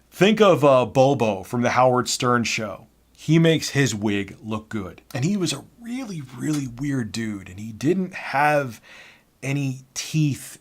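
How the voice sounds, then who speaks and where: A man in his thirties casually telling a work story in an animated, exasperated way. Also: medium pitch. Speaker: YouTuber.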